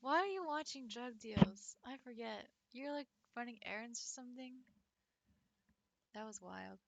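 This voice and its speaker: A woman's voice: a little high, animated, unhurried, gravelly. A young woman, a French teacher, chatting casually with her stream viewers, talking loosely with many "likes" and laughing often.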